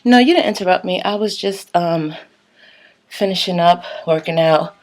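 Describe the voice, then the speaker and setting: A woman casually telling her side of a story, animated, acting out her own quoted lines and swearing freely. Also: on the low side, moderate pace, no echo.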